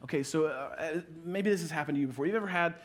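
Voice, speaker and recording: High-voiced man preaching a playful sermon. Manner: playful, acts out little scenes with quick asides. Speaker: pastor.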